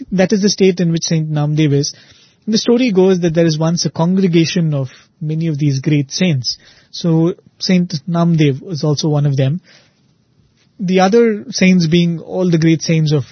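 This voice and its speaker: A man retelling a devotional saint story in a relaxed, conversational way, often pausing with "you know" and "uh". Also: a little high, breathy edge, no room sound, lo-fi sound. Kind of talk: spiritual storytelling talk.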